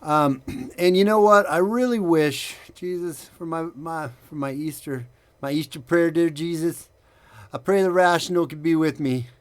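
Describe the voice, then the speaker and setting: A man's voice: a little high, normal speed. A man hosting a casual commentary show, rambling sarcastically with frequent restarts and stumbles. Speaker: podcast host.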